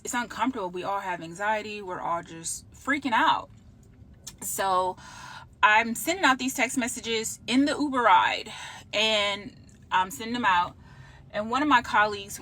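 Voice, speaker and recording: Bright-voiced woman telling a heartfelt story. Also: lowish voice. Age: adult with children. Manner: heartfelt, rambling, lots of "like" and "I'm just like". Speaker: laid-off employee sharing her story. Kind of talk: emotional personal storytelling.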